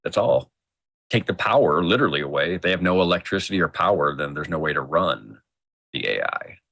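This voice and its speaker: Casting: low, lively male guest, emphatic, dry close sound. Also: a little fast, gravelly, dry recording. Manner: emphatic, thinks aloud. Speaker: podcast guest. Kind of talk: casual chat.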